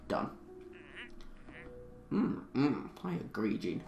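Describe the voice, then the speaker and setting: A man's voice: mid-range voice, lively intonation, unhurried, creaky, reverberant, faint music behind. A young man playing a space game, thinking aloud with many fillers and reading the tutorial text aloud. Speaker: gamer.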